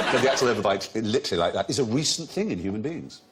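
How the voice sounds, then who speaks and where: Lively, erudite man hosting a quiz. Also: on the low side, heavy background noise. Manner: lively, erudite, laughing often. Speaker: quiz show host. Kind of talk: witty panel-show hosting.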